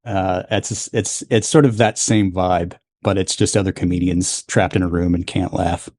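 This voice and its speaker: A man's voice: low voice, steady tone, moderate pace, darkish tone, no room sound, studio quality. A man co-hosting a podcast in casual chat, teasing, swearing freely and laughing often. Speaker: podcast co-host.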